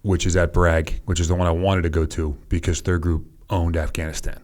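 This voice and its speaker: A man in his thirties with a Boston accent, a former soldier telling relaxed, self-deprecating stories as a podcast guest. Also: low voice, a little fast. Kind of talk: casual storytelling interview.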